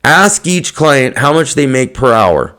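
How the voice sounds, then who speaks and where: A man's voice: medium pitch, big pitch swings, unhurried, sharp tone. A man hosting a podcast, ranting bluntly to fellow hairdressers, swearing often and stuffing his talk with fillers. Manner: blunt, heavy swearing, lots of fillers, laughs mid-rant. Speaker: podcast host. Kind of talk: profane rant to fellow hairdressers.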